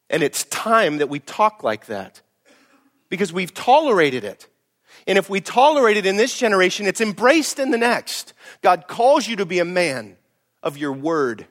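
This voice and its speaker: Emphatic preaching man. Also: high voice. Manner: emphatic, blunt, preacherly, swings between loud and hushed. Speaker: pastor. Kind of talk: sermon.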